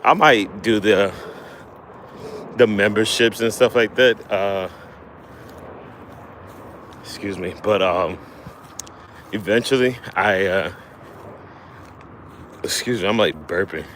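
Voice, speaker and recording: A man hosting a casual livestream outdoors while fishing, talking in a relaxed, halting way with lots of fillers and restarts, a little out of breath. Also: on the low side, a little hiss or hum. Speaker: livestream host.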